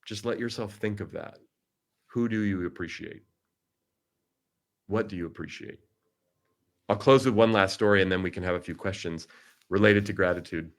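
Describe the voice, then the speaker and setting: A man's voice: low voice, normal speed, pauses often. A middle-aged man giving a reflective, earnest motivational talk over a video call. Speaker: keynote speaker. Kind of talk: motivational talk with personal story.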